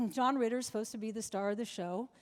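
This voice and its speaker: An older woman, in her seventies, spins rambling anecdotes as an interview guest and keeps circling back and restarting her sentences. Her voice sits a little high for a woman, and it carries a long reverb from a large hall. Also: normal speed. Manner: chatty anecdotal storyteller with many restarts. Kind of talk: storytelling in a live interview. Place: large club function room before an audience.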